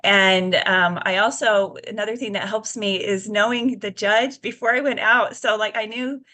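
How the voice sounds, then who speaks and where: A woman's voice: mid-range voice, fairly even intonation, moderate pace, pushed and bright. A woman in her fifties, a guest in an interview, telling her story earnestly with many fillers and restarts. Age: 50s. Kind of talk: casual interview chat.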